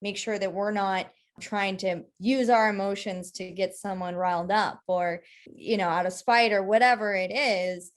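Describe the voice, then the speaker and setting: A woman at an ordinary middle pitch explains ideas in a loose, conversational way. She walks through each point and keeps checking in with the listener. Her tone is that of a co-host in a casual discussion. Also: fairly even intonation, moderate pace. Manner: explanatory, checks in with "right?" often. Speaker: co-host explaining human design. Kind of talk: casual teaching chat.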